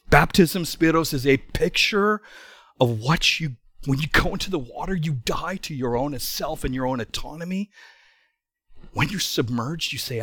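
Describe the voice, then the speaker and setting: Animated middle-aged preacher, fairly high voice. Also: male voice, moderate pace, pauses often, dry recording, studio quality. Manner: animated, emphatic, with frequent restarts. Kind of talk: storytelling sermon.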